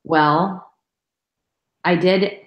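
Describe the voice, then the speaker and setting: A woman's voice: fairly low pitch, fairly even intonation, drawn-out words, a bit bright, roomy sound, poor audio. A woman in her thirties co-hosting a live stream, telling a story in a chatty, casual way. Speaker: co-host.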